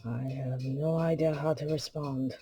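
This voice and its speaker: A suave, wry gentleman spy, as a woman puts him on. He murmurs low and quietly, with polished charm. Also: fairly even intonation, measured pace, slightly rough, exaggerated voice. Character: suave, wry Irish male spy figure.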